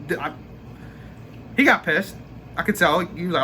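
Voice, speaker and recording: Give me a young man with a New York accent venting in a profane, fast-bursting rant, bright voice. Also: fairly high pitch, animated, slight background noise. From Brooklyn, New York. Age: young adult. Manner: profane, ranting, rapid bursts. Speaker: vlogger. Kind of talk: casual venting monologue.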